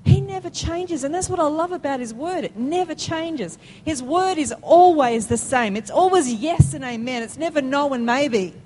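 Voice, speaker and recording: High-voiced woman preaching emphatically. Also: animated, normal speed, hardly any pauses, darkish tone, slight background noise, low-quality recording. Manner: emphatic, rising to high call-and-response peaks. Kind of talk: sermon.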